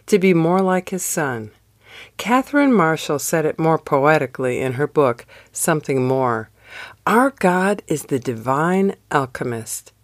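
A woman hosting a devotional show, giving a slow, expressive scripted narration. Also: low-pitched, no echo, clean studio sound. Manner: slow, expressive storytelling read. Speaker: devotional podcast host.

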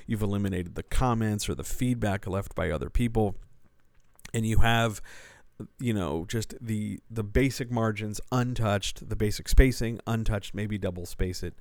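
Low-voiced man explaining casually. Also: normal speed, dry recording. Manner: conversational, explanatory, with fillers and restarts. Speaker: writing coach and developmental editor. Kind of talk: casual solo podcast Q&A.

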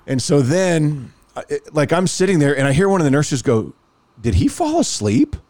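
A man's voice: a little high, a little fast. A man in casual podcast chat, telling a long personal story and acting out the other people's lines. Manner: animated, acts out quoted dialogue.

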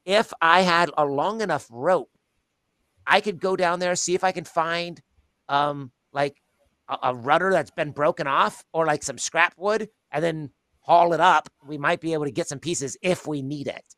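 A playful male player who joins in the tabletop game in character and likes to joke. His voice is bright and a little high. The sound is dry and close. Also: normal speed, dry recording. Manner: playful, jokey.

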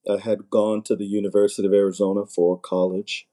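Deep, mellow-voiced man speaking hesitantly. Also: little pitch movement. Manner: measured, hesitant with "um" pauses. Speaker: guest, husband. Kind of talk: personal storytelling on a podcast.

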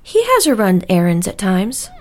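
An actress playing a worried housekeeper in an audio drama, speaking in a hushed, confiding way. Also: female voice, mid-range voice, wildly swooping pitch, moderate pace. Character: woman, worried family housekeeper.

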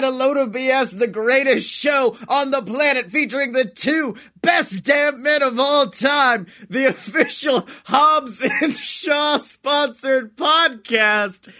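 A man putting on a shouting ringmaster-style announcer voice to open a podcast, drawing out his words. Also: very high-pitched, voice pushed up, exaggerated voice. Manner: shouted hype, drawn-out words.

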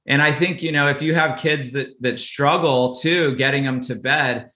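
A man's voice: mid-range voice, steady tone, normal speed, sharp tone. A man as a podcast guest, explaining family routines in easygoing casual talk and often repeating words as he goes. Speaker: podcast guest, parenting author. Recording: echoey room.

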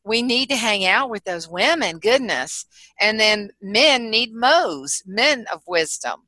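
A middle-aged woman with a Southern accent from South Carolina, a humorist guest telling lively stories in a casual interview and laughing often. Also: mid-range voice, slow, no echo, low-quality recording. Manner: storytelling, animated, laughs often.

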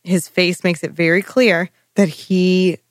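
A woman's voice: lowish voice, fairly even intonation, slow pace, no room sound, clean studio sound. A woman co-hosting a casual recap chat, chatty and emphatic, with lots of 'like' and crude jokes. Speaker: podcast co-host.

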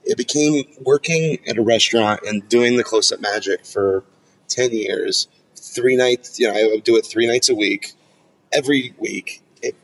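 A man's voice: mid-range voice, normal speed, vocal fry, a bit bright, slightly rough, low-quality recording. A man co-hosting a podcast, talking reflectively in casual chat with hesitant restarts. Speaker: podcast co-host.

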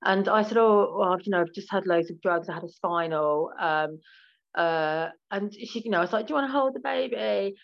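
A woman's voice: medium pitch, brisk, gravelly. Chatty British woman, muffled lo-fi sound. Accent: British English. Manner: frank, talkative, many fillers and restarts. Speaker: interview guest. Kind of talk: candid podcast interview.

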